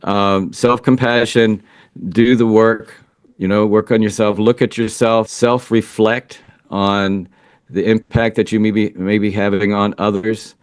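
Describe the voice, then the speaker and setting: A man's voice: on the low side, flat delivery, unhurried, clean tone, no room sound, clean studio sound. A man who is a relationship coach for men, answering interview questions in an earnest, reflective way as he thinks aloud. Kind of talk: interview answers, casual advice.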